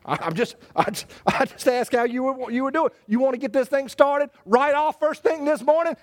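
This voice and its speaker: A man preaching a sermon in an animated way, stammering and restarting, and acting out the voices he quotes. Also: very high-pitched, normal speed, hardly any pauses. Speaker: pastor.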